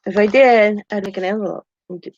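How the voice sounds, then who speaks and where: A woman's voice: medium pitch, quick pace, darkish tone, no echo. Chatty older woman, dull dry audio. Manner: chatty and meandering, chuckling often. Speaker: craft channel host. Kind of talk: casual rambling chat.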